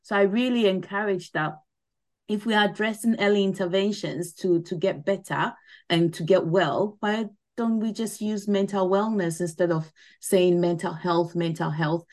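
A woman's voice: medium pitch, normal speed, darkish tone. A middle-aged woman speaking as a podcast guest, explaining things earnestly in a casual interview and often adding "you know". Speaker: podcast guest, mental wellness ambassador.

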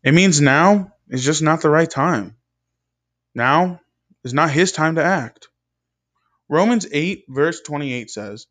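A young man giving a scripted devotional talk with an earnest, measured preaching cadence. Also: on the high side. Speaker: speaker in a devotional video.

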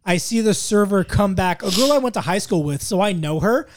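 A young man chatting casually with friends, telling animated stories full of swearing and laughter. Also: high voice, brisk, slight background noise. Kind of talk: casual storytelling chat.

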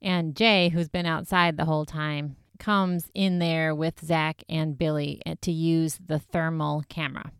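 A young woman chatting casually as she recaps an episode, with a lively, filler-filled way of telling it. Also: sits low, clear, resonant tone, dry recording, studio quality. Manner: chatty, animated retelling with many fillers. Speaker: podcast host recapping a show.

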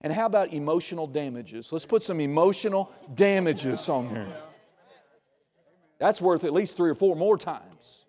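Pastor, man, fairly high voice, chatty humorous sermon with loud bursts, long hall reverb. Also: expressive, moderate pace. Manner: conversational, joking preaching with sudden loud bursts.

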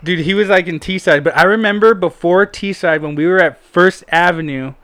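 Smooth-voiced man telling rambling stories. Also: high-pitched, moderate pace, a bit bright, dry recording. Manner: rambling, profane, full of fillers. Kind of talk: casual storytelling chat.

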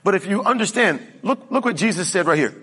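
A man's voice: high-pitched, expressive, fast talker, a bit bright, breathy edge. A male pastor preaching a conversational sermon, often checking in with the congregation. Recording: reverberant hall.

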